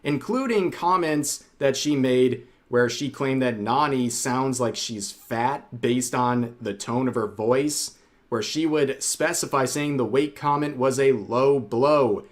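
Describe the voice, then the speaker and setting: A man reading a scripted commentary voice-over about online drama in a measured, wry manner. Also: medium pitch. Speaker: youtube commentator.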